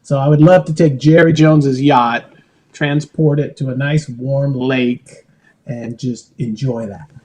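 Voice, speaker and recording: A man being interviewed on a podcast, telling rambling, animated stories. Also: medium pitch, unhurried. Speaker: podcast guest. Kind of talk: casual interview.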